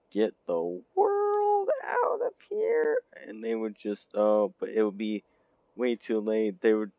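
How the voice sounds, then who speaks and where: A man giving rambling, giggly casual commentary over a game video, breaking into sudden squeaky outbursts, on a dull lo-fi recording. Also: a little mellow, no echo. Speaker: gaming video creator.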